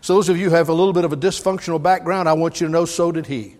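A man's voice: on the high side, steady tone, very fast, a little mellow, in a large hall. A man preaching a sermon as a substitute preacher, with folksy, joking asides.

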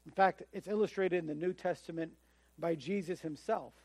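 A man's voice: on the high side, normal speed, darkish tone, dry recording. A man preaching a sermon in a conversational way, often acting out the voices of the people he quotes. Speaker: pastor.

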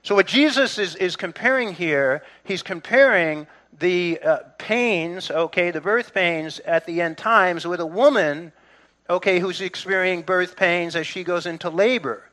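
A man's voice: high-pitched, a little slow, pushed and bright. A middle-aged man preaching a sermon in a church, conversational, with restarts and asides to the congregation. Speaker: pastor.

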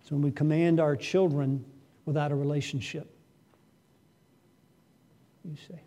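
A man's voice: a little high, fairly even intonation, unhurried, long pauses, warm tone. A man preaching a sermon earnestly, asking his listeners questions and suddenly raising his voice for emphasis. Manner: asks the congregation rhetorical questions. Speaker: pastor.

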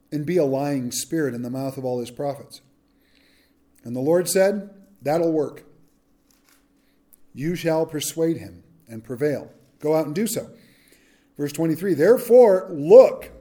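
A man preaching a verse-by-verse sermon, reading scripture aloud and acting out the speakers in casual modern slang. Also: fairly high pitch. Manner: animated, acts out quotes in modern slang. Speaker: pastor. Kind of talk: expository sermon.

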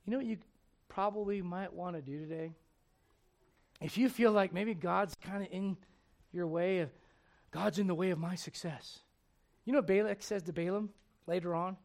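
A male preacher delivering a sermon as animated storytelling, asking the crowd rhetorical questions. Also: high voice, normal speed, vocal fry.

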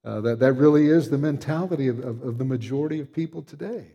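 A man preaching a sermon, earnest and emphatic, slowing down to stress key words. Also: mid-range voice, breathy edge, highs cut off. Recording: long hall reverb.

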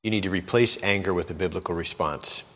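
A man's voice: low-pitched, fast, a bit bright. A middle-aged man preaching a sermon in a conversational way, telling personal stories, repeating words and acting out what people said. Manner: conversational, repeats words, acts out quoted speech. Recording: long hall reverb.

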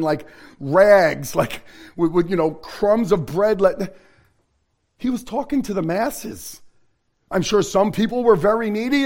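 High-voiced man preaching an earnest sermon. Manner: earnest, confessional, swings from hushed to emphatic. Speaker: pastor.

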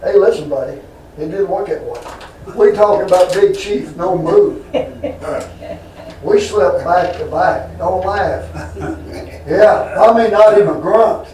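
A man's voice: high-pitched, a little slow, pauses often, warm tone, distant mic, a little hiss or hum. A man preaching a folksy, rambling sermon full of homespun stories and asides to his congregation. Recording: roomy hall, voice from off mic.

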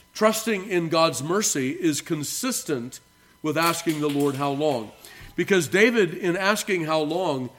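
A male pastor delivers an earnest expository sermon in a voice on the high side. He repeats key phrases for emphasis and restarts haltingly between phrases.

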